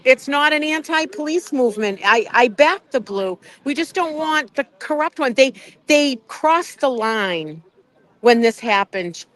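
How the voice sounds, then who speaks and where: A woman's voice: high voice, a little slow, low-quality recording. Wound-up swearing woman. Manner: animated, heavy swearing, wound up on coffee. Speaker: livestream host. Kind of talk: casual livestream chat. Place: outdoors in cold wind.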